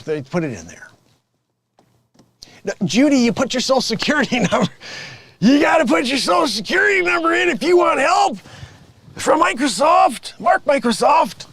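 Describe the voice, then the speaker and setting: In an improvised comedy sketch, a male comedian voices a smug, sleazy scammer boss pretending to be a tech rebate agent, who ridicules his coworkers, swindles callers and cracks himself up. The voice is fairly high and only lightly acted, with no echo.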